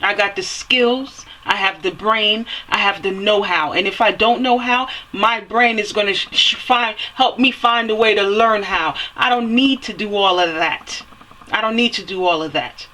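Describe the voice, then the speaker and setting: Bright-voiced woman ranting fiercely. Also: mid-range voice, moderate pace, low-quality recording. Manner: fiery, preachy, repeats phrases for emphasis; swears and rises to near-yelling when heated. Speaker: vlogger. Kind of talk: impassioned opinion rant.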